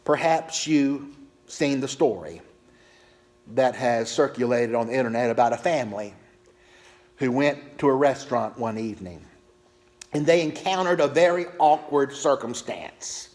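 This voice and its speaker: A man's voice: mid-range voice, expressive, unhurried, a little mellow. A man preaching a sermon as a pastor, telling stories expressively with big swings in delivery.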